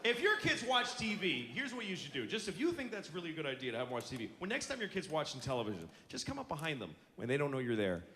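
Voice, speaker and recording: A man's voice: fairly high pitch, very animated, quick pace, hardly any pauses, bright, forceful tone, slight background noise. A middle-aged man doing stand-up on stage, ranting in an exasperated, profane way. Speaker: stand-up comedian. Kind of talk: stand-up routine. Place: stage before a live audience. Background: audience laughter and room ambience.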